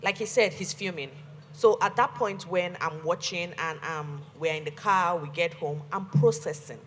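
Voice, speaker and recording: A woman's voice: on the low side, moderate pace, a bit bright, a little hiss or hum. Earnest woman on a panel. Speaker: guest. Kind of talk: casual panel talk.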